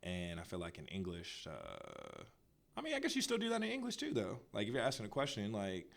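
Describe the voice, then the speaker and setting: A man's voice: fairly low pitch, huge pitch swings, a little fast, gravelly. A young man co-hosting a podcast, chatting casually and joking with lots of fillers. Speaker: podcast co-host. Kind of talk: casual chat.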